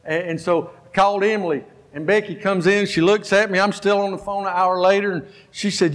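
Man in his fifties, pastor preaching, high voice, lots of reverb from the church hall; animated storyteller. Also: a little fast, hardly any pauses. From Georgia, US. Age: 50s. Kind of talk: sermon. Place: church sanctuary.

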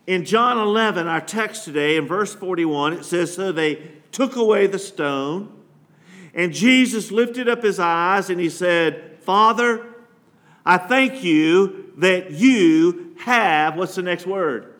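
A man's voice: high voice, slow pace, fairly bright tone. A man pastor preaching a sermon, reading scripture and asking the congregation to call out words.

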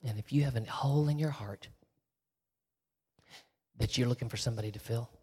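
A man from Texas, a guest speaker and ventriloquist, telling an inspirational story and swinging from lively talk to soft emotional whispers. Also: medium pitch, brisk, breathy edge, in a large hall.

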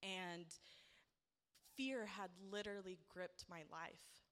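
A woman's voice: medium pitch, slow pace, a bit bright. A woman giving a heartfelt personal testimony at church, speaking earnestly and building to emphatic praise.

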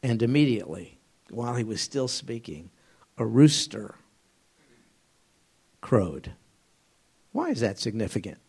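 A man teaching an informal Bible study to a small group, conversational and halting, often asking them questions. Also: medium pitch, big pitch swings, creaky, darkish tone, breathy edge.

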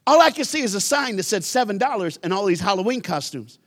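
Bright-voiced animated man preaching. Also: high-pitched, fast. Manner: animated, conversational, preaching with emphasis. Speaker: guest youth speaker. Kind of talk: storytelling sermon. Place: church.

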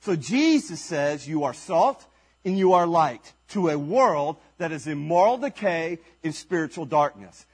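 Husky, lively high-voiced male preacher. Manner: emphatic, with rhetorical questions and repeated phrases. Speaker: pastor. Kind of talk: sermon. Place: church service.

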